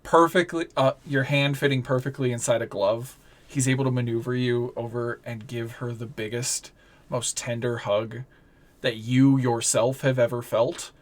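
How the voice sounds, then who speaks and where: A game master narrating a tabletop game in a relaxed, rambling way with many fillers. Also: mid-range voice, moderate pace.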